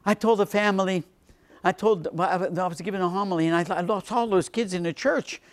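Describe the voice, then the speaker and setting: A man, a priest, giving a lecture on faith to a seminar, repeating phrases for emphasis and dropping into quiet low asides. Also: fast talker. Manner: animated, swings between emphatic lines and quiet low asides.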